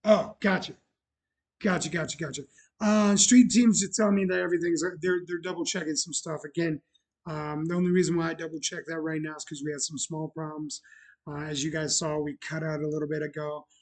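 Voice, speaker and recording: A man with a fairly high, slightly husky voice hosts his own livestream. He tells a long story casually, circling back with fillers and restarts. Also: little pitch movement, brisk. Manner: rambling, warm storytelling with many fillers and restarts. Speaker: bar owner and show host.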